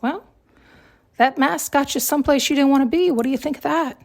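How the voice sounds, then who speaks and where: A woman's voice: high-pitched, normal speed, gravelly. A woman hosting a podcast and giving an emphatic self-help monologue, repeating herself and often checking in with "right?". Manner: emphatic, repetitive, frequent tag questions. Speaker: podcast host.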